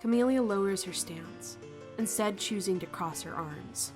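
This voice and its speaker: A woman reading a fan story aloud, calm and measured as narrator. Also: mid-range voice, over music.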